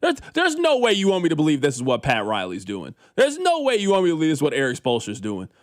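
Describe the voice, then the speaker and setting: A man co-hosting a casual sports talk radio show, riffing in an animated, incredulous, slangy way into a studio microphone. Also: on the high side, quick pace, dry recording.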